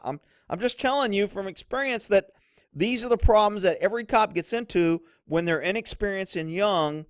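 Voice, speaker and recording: A man's voice: moderate pace, no echo, clean studio sound. A middle-aged man, a former police officer, giving blunt, instructive commentary over police footage. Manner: blunt, instructive, drops low to mimic others.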